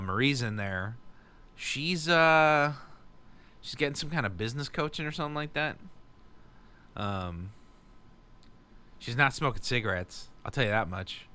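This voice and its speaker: A young man talks loosely in a solo podcast, swearing often and poking fun at himself. His voice is bright and forceful at a middle pitch. The sound is rough, from a bad mic cable in a home garage. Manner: rambling, profane, self-mocking. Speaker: podcast host. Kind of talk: casual solo podcast monologue.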